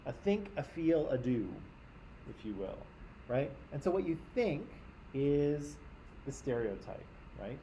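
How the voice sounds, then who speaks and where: A man's voice: a little high, very animated, measured pace, dark tone, a little hiss or hum, low-quality recording. A man from Canada, teaching a class in a conversational lecture and often checking in with his listeners.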